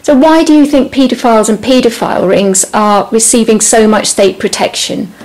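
A woman interviewer asking calm, prompting questions. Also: on the high side, normal speed, poor audio.

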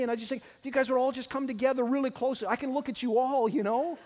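A male pastor preaching a sermon, telling lively, humorous stories from his own life. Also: extremely high pitch, fast, few pauses. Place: church sanctuary. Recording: long hall reverb in a church.

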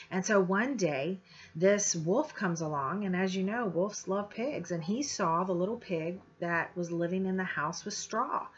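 A woman teacher giving an informal, chatty lecture with many fillers and restarts. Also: medium pitch. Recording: slightly dull lo-fi audio.

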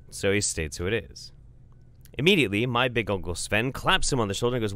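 A man's voice: medium pitch, sing-song, quick pace, fairly bright tone, no room sound. A man casually telling a comic family story, rambling and profane, with lots of fillers.

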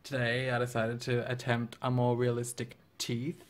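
Casual young male artist co-host, giggly, medium pitch. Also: completely flat delivery, normal speed. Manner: giggly, drops into squeaky mock voices. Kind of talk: casual chat over a drawing video.

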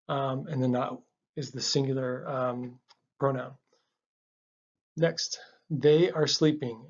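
A man giving a casual language lesson, relaxed, with frequent ums and uhs, repeating words slowly for learners. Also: mid-range voice, slightly rough, lo-fi sound. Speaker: language teacher.

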